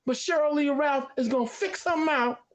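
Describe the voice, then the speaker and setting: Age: adult. Sex: man. Style: combative talk-show debate. Pitch: high. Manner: combative, rapid-fire questioning.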